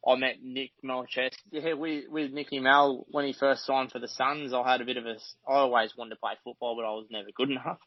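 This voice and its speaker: A man's voice: mid-range voice, flat delivery, brisk, few pauses, dry recording. An Australian man, a mechanic, chatting casually as a podcast guest, rambling and swearing freely. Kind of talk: casual chat. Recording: dry, slightly dull podcast audio.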